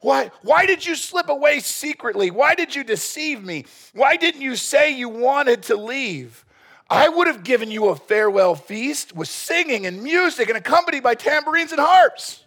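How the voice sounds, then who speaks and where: A male pastor in a sermon voicing an indignant, self-righteous old patriarch who shouts his complaints. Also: very high-pitched, lively intonation, normal speed, pitched above the performer's own voice, heavily acted. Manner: shouting, outraged, self-pitying.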